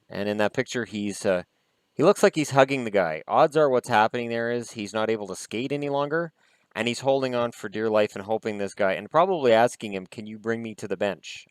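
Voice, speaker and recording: A man with a fairly low voice chats casually through a vlog, opinionated and quick to swear mildly. The sound is dry and close, with no room echo. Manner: chatty and opinionated, with mild swearing. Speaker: hockey vlogger. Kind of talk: casual card-opening vlog chat.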